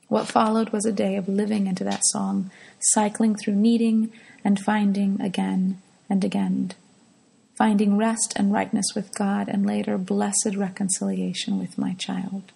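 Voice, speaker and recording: Middle-aged woman, intensely gravelly and raspy, hushed reflective devotional storyteller. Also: mid-range voice, little pitch movement, unhurried, poor audio. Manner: soft, hushed, often drops to a whisper. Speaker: mother telling a personal devotional story.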